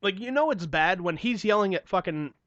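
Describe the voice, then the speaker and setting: A young man co-hosts a casual podcast with a slightly high voice, swearing a lot and acting out the people in his anecdotes. The sound is dull and lo-fi, with a dry, close feel. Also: lively intonation, a little fast, fairly bright tone, dry recording. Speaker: podcast co-host. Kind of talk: casual chat.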